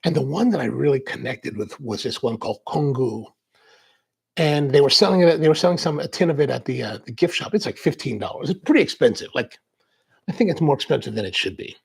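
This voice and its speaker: A man's voice: medium pitch, animated, fairly quick, gravelly, husky. A man hosting a coffee livestream, chatting casually and reading out viewer comments in a rambling, chatty way. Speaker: coffee show host.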